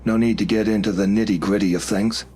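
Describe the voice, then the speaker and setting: A man's voice: on the low side, fairly even intonation, fast talker, mellow, slightly rough. Man voicing a cold, sneering young dead killer. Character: young man, a serial killer's ghost, detached, haughty.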